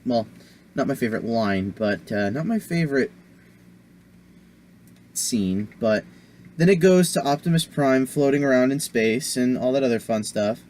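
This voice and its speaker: A man's voice: medium pitch, expressive, measured pace, long pauses, a little mellow. A man giving a casual movie review on his vlog, rambling with many fillers and self-corrections.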